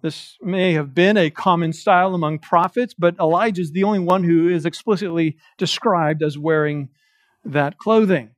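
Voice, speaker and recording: A man preaching an expository sermon as pastor, slowing down to stress quoted scripture. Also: a little high, dry recording. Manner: emphatic preaching with slow, stressed quotations of scripture. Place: church.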